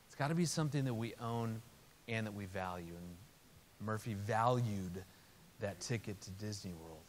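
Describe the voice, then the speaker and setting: A man's voice: fairly low pitch, normal speed, a little hiss or hum. A man telling a family story in a sermon, acting out the voices of the people in it. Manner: animated storyteller, acts out quotes. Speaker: speaker. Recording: hall reverb.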